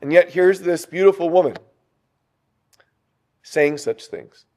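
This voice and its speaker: A man preaching a sermon, lively and full of rhetorical questions to the congregation. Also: on the high side, slow.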